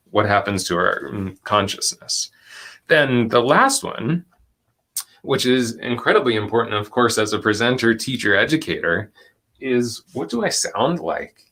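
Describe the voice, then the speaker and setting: A man leads a live online workshop in a gentle, reflective voice, slowing right down on the phrases he wants to land. His delivery is calm and encouraging as he picks up comments from the chat and answers them. The tone stays soft and unhurried throughout. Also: medium pitch. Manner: gentle, reflective, with slow deliberate stretches and soft laughs. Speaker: presenter and educator.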